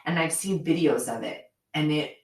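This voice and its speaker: A woman guest on a podcast, chatting casually and candidly, quick to laugh at herself. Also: low-pitched, reverberant, rough recording. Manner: candid, self-deprecating. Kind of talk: casual chat.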